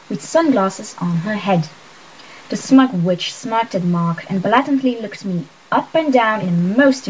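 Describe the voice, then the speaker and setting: A woman reading a novel aloud in wry, lively first-person narration, with a husky voice. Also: mid-range voice, slight background noise, poor audio. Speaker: audiobook reader.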